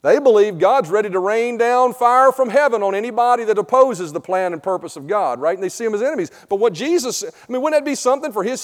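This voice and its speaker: High-voiced pastor preaching in a hall. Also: male voice, expressive, quick pace, hardly any pauses. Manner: conversational preaching, asks "right?" after many points; swings between loud emphasis and quiet, low asides. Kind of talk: sermon.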